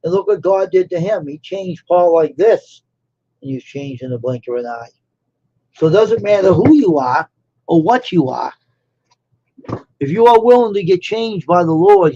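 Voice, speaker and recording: Over dull, lo-fi stream audio, a male host tells a personal story in a loose, wandering way, repeating phrases to drive points home. His voice is fairly high yet dark, with a breathy edge.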